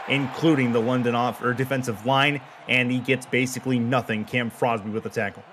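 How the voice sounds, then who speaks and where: A male play-by-play announcer calls a football sim game with quick, punchy play calls. He stays even between snaps and then shouts on big plays. A faint hiss of noise sits under his voice. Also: medium pitch. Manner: calm play calling that jumps to excited shouting on big plays. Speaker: play-by-play commentator. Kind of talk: live sports play-by-play.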